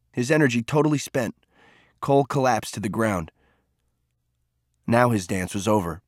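A man narrating a novel in a steady, measured audiobook reading. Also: on the low side, dry recording, studio quality.

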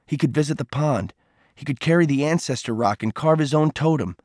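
A man narrating an audiobook in a measured, even storytelling manner. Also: a little high, no echo, clean studio sound.

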